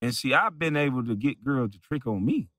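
A man's voice: mid-range voice, expressive, brisk, a bit bright, dry recording, clean studio sound. A man who makes videos, delivering a mocking, profane rant at a rival, repeating taunts and breaking into laughter. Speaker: video creator.

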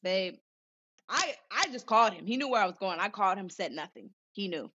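A woman's voice: medium pitch, expressive, fairly quick, sharp tone, breathy edge. A young woman from Southern California, a former pro basketball player, telling her story in a casual interview, acting out quoted voices between many fillers. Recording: dull lo-fi sound.

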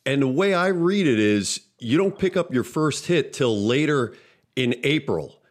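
A man's voice: medium pitch, lively intonation, measured pace. A man co-hosting an interview, asking the guest to confirm facts in a conversational way. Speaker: interviewer, co-host. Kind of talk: interview questions.

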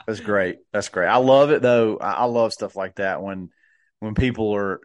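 A man co-hosting a casual podcast, easygoing and quick to agree. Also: fairly low pitch, no room sound. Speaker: podcast co-host. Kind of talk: casual chat about golf.

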